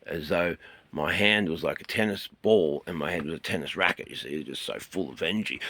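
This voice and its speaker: Rambling Australian bloke, low-ish and gravelly, earnest talker with sudden bursts. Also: male voice, animated, brisk, pushed and bright, no echo. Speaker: host. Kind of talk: rambling spoken talk.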